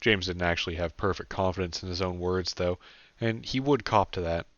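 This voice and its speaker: A man's voice: sits low, brisk, a bit bright, dry recording. A man, the author himself, reading his own audiobook in a plain, understated way. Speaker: author and narrator. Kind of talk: audiobook narration. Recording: dull dry lo-fi recording.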